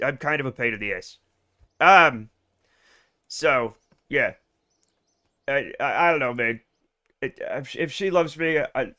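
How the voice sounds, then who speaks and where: A man's voice: fairly high pitch, bright, forceful tone, clear, resonant tone. An American man live streaming a game, chatting with his viewers in a rambling, profane and self-mocking way. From United States. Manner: rambling, profane and self-deprecating, with frequent restarts. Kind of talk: casual rambling chat with viewers.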